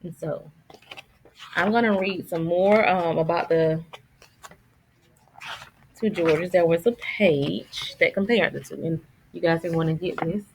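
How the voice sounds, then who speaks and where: A woman teacher reading a book aloud to her students, patient and encouraging, pausing to restart words. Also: on the low side, slight background noise, rough recording.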